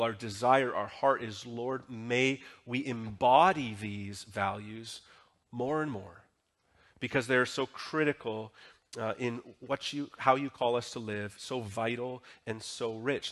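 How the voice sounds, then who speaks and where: A man's voice: mid-range voice, fairly bright tone. A male pastor preaching a sermon in a church, talking in a conversational way and often asking the congregation questions. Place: church sanctuary.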